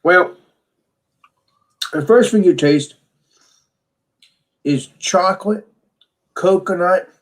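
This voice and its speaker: A man's voice: high-pitched, slow pace, long pauses. Enthusiastic man reviewing a beer. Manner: enthusiastic, rambling with restarts. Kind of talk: casual tasting chat.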